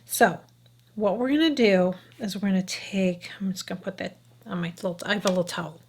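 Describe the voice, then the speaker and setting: A woman's voice: medium pitch, brisk, slight background noise. Chatty middle-aged woman doing a makeup tutorial. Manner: chatty, frank, keeps checking in with "okay?"; talks while applying makeup, sometimes drops to a whisper. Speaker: beauty vlogger.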